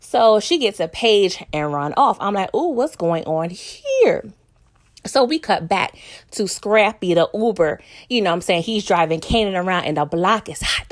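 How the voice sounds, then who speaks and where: A young woman from New York talks through a TV episode in a loose, conversational way. She laughs often, speaks straight to her viewers, and slips into the characters' voices now and then. Her voice sits at a middle pitch for a woman. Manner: chatty, laughs often, addresses viewers as "y'all", acts out characters' lines. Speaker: TV episode recap vlogger. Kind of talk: casual chatty episode recap.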